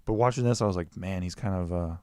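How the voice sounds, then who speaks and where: A man's voice: deep voice, fast talker, smooth, no echo. 30s guy on a podcast, cussing a lot, acting out quotes, dry mic. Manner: animated, swears freely, jumps into mock quotes. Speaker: podcast guest, Batman historian. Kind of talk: casual chat.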